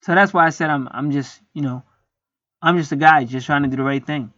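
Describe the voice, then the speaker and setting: A man rambles through a profane, preachy monologue, swearing freely as he goes. His voice sits a little high. The recording is dry and dull, with a lo-fi edge. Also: a little fast, sharp tone, no echo. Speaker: spiritual video host. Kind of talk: casual monologue to camera.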